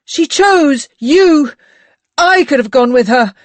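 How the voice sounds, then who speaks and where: A woman's voice: high voice, lively intonation, slow pace, no echo, pitched above the performer's own voice. A reader voicing a distraught young woman who screams and sobs in jealous despair. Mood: anguished shouting. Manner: shrieking, sobbing.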